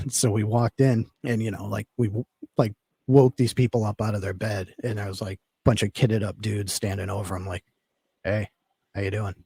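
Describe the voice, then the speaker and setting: A man's voice: lowish voice, little pitch movement, normal speed, mellow, husky, no echo. A man telling a long personal story in casual talk, rambling with lots of fillers. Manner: rambling, filler-heavy, laid-back. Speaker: podcast guest telling a story.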